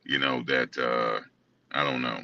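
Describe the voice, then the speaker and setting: Very deep-voiced man, laid-back chat. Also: flat delivery, unhurried, bright, forceful tone, far from the mic, lo-fi sound. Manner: laid-back, hesitant, hedging with fillers. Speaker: co-host. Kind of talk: casual commentary chat.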